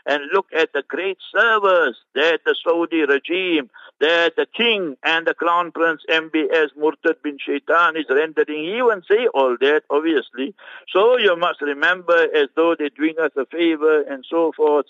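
A man translating and commenting on a Friday sermon, fervent and scornful, breaking into quick Arabic recitations. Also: fairly high pitch, a bit bright, no echo. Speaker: religious scholar commenting on a sermon. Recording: muffled radio broadcast.

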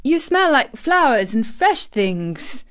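A woman's voice: on the high side, lively intonation, slow. A woman voicing a sickly, fretful young boy in a storybook reading. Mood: delighted.

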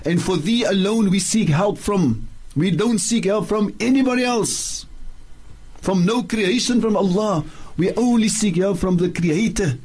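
A man's voice: on the high side, normal speed, dark tone, husky. A man giving religious teaching on the radio. He chants Quran verses in Arabic and repeats key points for emphasis. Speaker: Islamic scholar, radio show guest.

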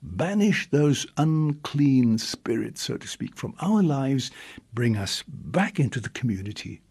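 A male priest gives a homily in a very breathy, husky voice. His pitch rises and falls expressively, and he lingers on weighty words between pauses. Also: very animated, a little mellow. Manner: reflective, with long pauses and drawn-out emphasis. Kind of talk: homily reflection.

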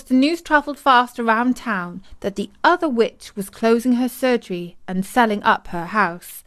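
Brief: woman narrator for a children's story, clear and measured. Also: mid-range voice.

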